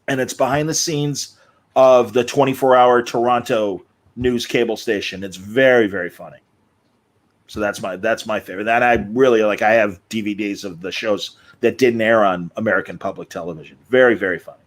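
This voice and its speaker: A man's voice: fairly low pitch, steady tone, fairly quick. A man hosting a casual podcast chat, telling rambling, enthusiastic stories and acting out what people said. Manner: rambling, enthusiastic storyteller who acts out quotes. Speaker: podcast host.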